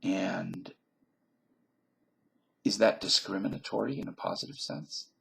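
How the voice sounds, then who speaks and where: Very gravelly, husky-voiced man rambling. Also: low voice, expressive, a little slow, fairly bright tone. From Virginia, USA. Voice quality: very gravelly, husky voice that often drops to a breathy near-whisper. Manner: jokey, contradicts himself and then says he is kidding. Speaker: vlogger. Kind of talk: rambling comic monologue to camera.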